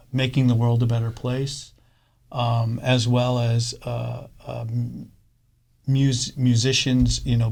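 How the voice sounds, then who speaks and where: A middle-aged man speaking in a casual interview as a fund co-founder, halting often with fillers and restarts. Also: medium pitch, creaky, a little mellow.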